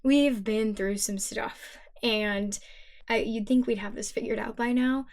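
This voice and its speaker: A woman's voice: fairly high pitch, steady tone, a little slow, a little mellow. A woman in her thirties co-hosting a spiritual podcast, speaking in an earnest, emotional and reflective way. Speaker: podcast co-host. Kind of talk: heartfelt spiritual podcast talk.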